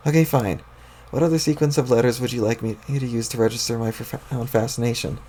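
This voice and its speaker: A man's voice: medium pitch, fairly even intonation, fairly quick, warm tone, a little hiss or hum, close to an everyday voice. A man doing a sarcastic, crabby troll boy. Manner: sarcastic, drawling, swearing. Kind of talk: reading a webcomic aloud with voices.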